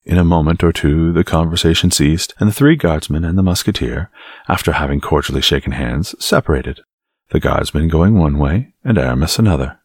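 A man reading a classic novel aloud as narrator, in an expressive, varied way. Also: very deep voice, a little fast, slightly rough, no echo, studio quality. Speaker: audiobook narrator. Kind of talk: scripted narration.

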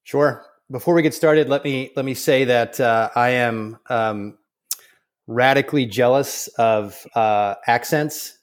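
A man being interviewed as a guest, talking in a relaxed way with many fillers and restarts. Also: mid-range voice, slow pace. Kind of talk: conversational interview.

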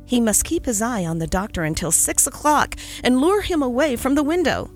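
A woman narrating a classic holiday story in an expressive, storytelling reading. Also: a little high, moderate pace, soft background music.

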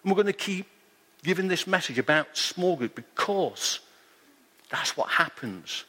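A man preaching to his congregation in a slightly high voice, telling stories earnestly and hammering home his point. His words ring out with the long reverb of a large hall. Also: expressive, unhurried, sharp tone, slightly rough. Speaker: pastor. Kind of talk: sermon.

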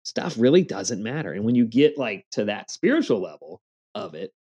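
A man's voice: lowish voice, very animated, moderate pace, warm tone, husky. A man in his forties telling earnest stories in a casual interview, with a motivational tone. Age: 40s. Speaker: podcast guest.

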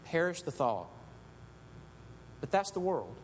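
A middle-aged man preaching a sermon, telling stories with animated delivery that swings from quiet asides to loud shouts. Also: takes it slowly. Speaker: pastor. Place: church sanctuary. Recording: echoey hall with faint rumble.

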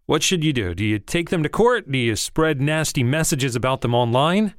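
A man's voice: medium pitch, expressive, normal speed, hardly any pauses, dry recording, studio quality. Male podcast host, upbeat and direct, with light background music. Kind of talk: podcast monologue.

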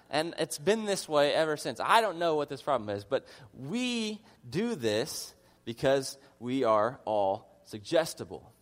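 A man preaching a conversational sermon as a pastor, earnest in his teaching and mixing in humorous personal asides. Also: medium pitch. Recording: long reverb of a large hall.

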